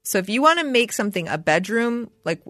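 A woman's voice: mid-range voice, sing-song, a little fast, a bit bright, no room sound, studio quality. A woman co-hosting a podcast, telling a rambling story in a casual chat. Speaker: podcast co-host.

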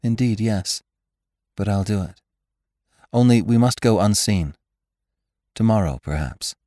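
A man voicing an earnest, devout young ranch woman who pleads in a raised, higher voice. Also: expressive, measured pace, dark tone, no room sound, clean studio sound. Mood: gentle.

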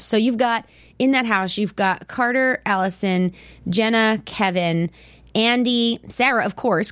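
A woman with a squeaky voice hosting a show, chatting casually and rambling with lots of fillers and laughs. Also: no room sound. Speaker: show host. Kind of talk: casual chat about a TV show.

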